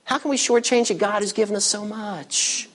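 High-voiced emphatic preaching man. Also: steady tone, moderate pace. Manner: emphatic preaching, swinging between loud and hushed; conversational, teasing asides to the congregation. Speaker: pastor. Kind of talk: sermon.

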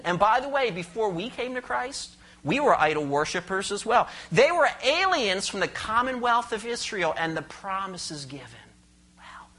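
A pastor preaching a sermon, expressive and questioning the congregation, explaining scripture verse by verse. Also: medium pitch. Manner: explains Greek words and cites verses.

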